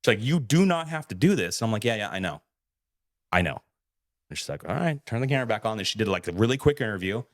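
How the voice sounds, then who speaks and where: A man's voice: lowish voice, animated, quick pace, long pauses, a bit bright. A man co-hosting a podcast, telling a story in a casual way, acting out quoted lines and swearing freely. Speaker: podcast co-host.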